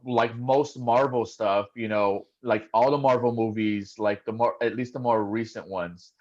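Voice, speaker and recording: A man's voice: lowish voice, fairly even intonation, measured pace, a little mellow, highs cut off. A man co-hosting a podcast, talking in loose, rambling casual chat full of fillers. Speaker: podcast co-host.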